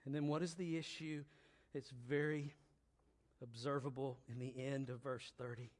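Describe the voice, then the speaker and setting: A male preacher delivering a sermon, moving between quiet, low reflection and loud, emphatic exhortation, with slow, deliberate repeated phrases. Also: fairly even intonation.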